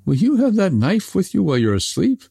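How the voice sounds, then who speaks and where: A frightened little girl from a fairy tale, her voice pitched high and anxious, as a man puts her on. Her questions come out pleading, with a faint gravelly edge and soft music behind. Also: huge pitch swings, brisk, heavily acted.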